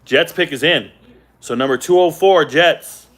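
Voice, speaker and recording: A man hosting a casual live-stream reaction to the football draft from a hotel room without his usual setup, animated and repeating himself for emphasis. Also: on the high side, unhurried. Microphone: not his usual setup.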